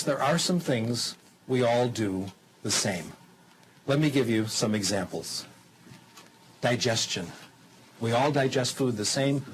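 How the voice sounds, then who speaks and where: A man lecturing on how people acquire language for a television audience, teaching in a lively, demonstrative way with rhetorical questions and stretches of simple, slow German. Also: mid-range voice, a little hiss or hum, rough recording.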